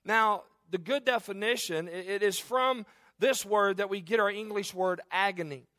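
A man's voice: high-pitched, moderate pace, fairly bright tone, dry recording. A man in his forties preaching an earnest, conversational sermon in a church, often restarting and repeating phrases. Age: 40s. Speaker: pastor.

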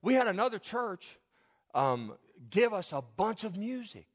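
A high-pitched man preaches to his congregation in a church, teasing people by name and laughing along with them. He often falls to a hushed, earnest delivery when he turns to the spiritual point. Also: very animated, measured pace. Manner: joking, calls on congregation by name; drops to soft earnest tone. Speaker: pastor. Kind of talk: sermon. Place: church sanctuary.

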